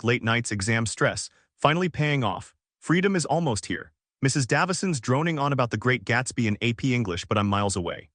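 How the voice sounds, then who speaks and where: A man's voice: mid-range voice, fairly bright tone, no echo, clean studio sound. A man narrating a first-person story in short, clipped fragments with a dramatic delivery.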